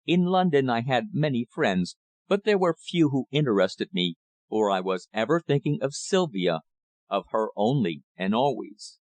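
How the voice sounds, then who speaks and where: A man reading an audiobook as narrator in a measured, steady manner. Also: mid-range voice, no room sound.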